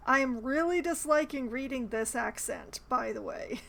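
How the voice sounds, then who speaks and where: High-voiced woman chatting over gameplay. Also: normal speed, gravelly, hardly any pauses, a bit bright. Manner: chatty, hesitant, self-deprecating. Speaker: streamer playing a game. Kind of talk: casual gameplay commentary.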